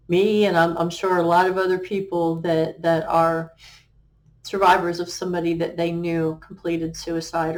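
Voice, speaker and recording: Earnest, halting middle-aged woman. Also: on the low side, darkish tone. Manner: earnest, halting, with many fillers and restarts; quotes remembered conversations. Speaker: guest life coach. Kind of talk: personal testimony on a talk show.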